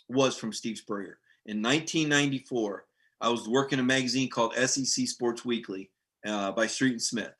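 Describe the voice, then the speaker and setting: A middle-aged man hosts a casual live sports stream with a bright, forward tone. He talks in an animated, rambling way and breaks off to answer viewer comments. His pitch sits in an ordinary middle register. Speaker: sports beat writer hosting a live show.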